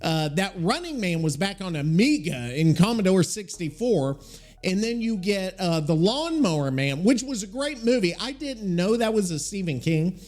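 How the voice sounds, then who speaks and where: Speaking in a high, sing-song voice at a normal pace, a man hosts a casual podcast on his own, his tone a little mellow. He rambles and swears freely, thinking aloud and looking things up as he goes.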